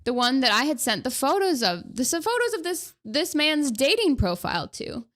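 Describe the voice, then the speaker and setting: A woman's voice: high-pitched, big pitch swings, normal speed, few pauses, fairly bright tone. A woman in her twenties telling a personal story to her stream in a casual, rambling way, full of fillers and restarts. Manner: chatty and conversational.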